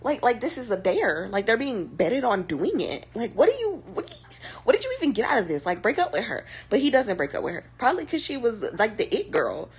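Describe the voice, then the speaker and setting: A young woman streamer chatting casually, with sassy, slangy, rambling commentary in a breathy, husky voice. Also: on the high side, big pitch swings, brisk, a little hiss or hum. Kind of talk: casual chat.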